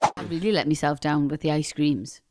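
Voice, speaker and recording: A woman's voice: sits low, fairly even intonation, normal speed, background noise. A woman with a Geordie accent, co-hosting a podcast, chatting and laughing her way through family stories. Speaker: podcast co-host. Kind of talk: casual comedic chat.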